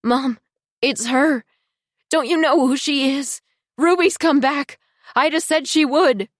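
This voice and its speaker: A woman narrator voicing a tormented, hysterical young woman with a raspy voice, speaking in a shrill, panicked, pleading way. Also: measured pace, fairly bright tone, no echo, clean studio sound. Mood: frantic.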